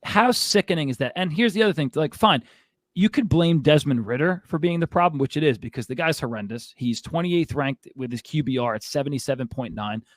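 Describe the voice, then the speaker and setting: Heated male sports host, ranting to a co-host, slightly high-pitched, dry and close. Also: lively intonation, brisk, dry recording. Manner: fired-up, exasperated ranting with frequent asides. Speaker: fantasy football show host.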